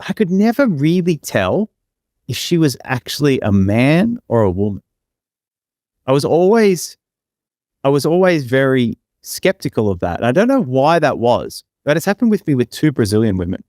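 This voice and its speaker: A man's voice: mid-range voice, very animated, normal speed, darkish tone, no echo, clean studio sound. Rambling young man telling a story. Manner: rambling, full of fillers and "right?" tags. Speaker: podcast co-host. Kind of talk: casual storytelling.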